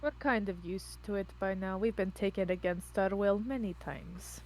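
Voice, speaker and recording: A woman player in a live-streamed tabletop game, animated and joking, swearing freely. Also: medium pitch, moderate pace, a little hiss or hum.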